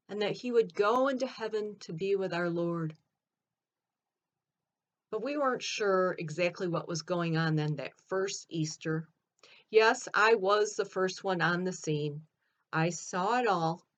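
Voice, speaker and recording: A woman playing Mary Magdalene, telling her own story in an earnest, expressive first-person monologue. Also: medium pitch, lo-fi sound, lightly acted.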